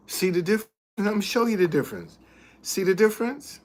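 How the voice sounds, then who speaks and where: A man's voice: high voice, sing-song, a little fast. A man hosting a casual live stream, talking earnestly, repeating himself and thanking viewers as he goes. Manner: shows items to the camera while talking.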